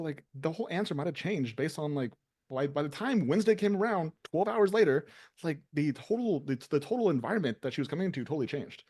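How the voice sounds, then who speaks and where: A man's voice: a little high, a little mellow. A man hosting a casual business talk, loose and conversational, with many fillers. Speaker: business owner and show host.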